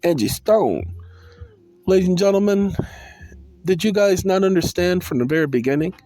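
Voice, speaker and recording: A man giving a casual, animated monologue to his viewers, calling out to them and slipping into sing-song bursts, with soul music playing behind him. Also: sits high, moderate pace. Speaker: vlogger.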